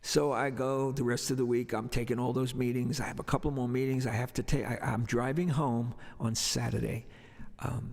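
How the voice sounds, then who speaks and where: Gravelly man telling a rambling story. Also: medium pitch, darkish tone, big-room sound. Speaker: singer-songwriter. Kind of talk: livestream storytelling.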